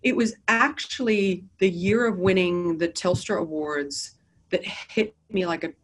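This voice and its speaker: Middle-aged American woman, interview guest, lower voice, candid and wry. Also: unhurried. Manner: candid, lively and self-deprecating. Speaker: guest, business founder. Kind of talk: casual interview storytelling. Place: office.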